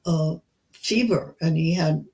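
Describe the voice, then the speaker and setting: Elderly woman recounting her past slowly. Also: sits low, creaky, dark tone, low-quality recording. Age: 90s. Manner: slow, halting storytelling with many restarts. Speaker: Holocaust survivor guest. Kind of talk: recounting memories in an interview.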